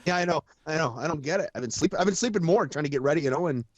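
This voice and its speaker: A tired man co-hosts a laid-back racing chat show as a race announcer, rambling, poking fun at himself and laughing often. His voice is fairly high with lively intonation, delivered very fast with no echo.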